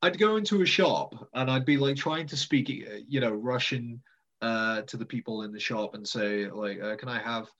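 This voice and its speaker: A man's voice: medium pitch, normal speed, fairly bright tone, dull audio. A man in casual conversation as an interview guest, rambling and self-deprecating, with many fillers and restarts. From Britain.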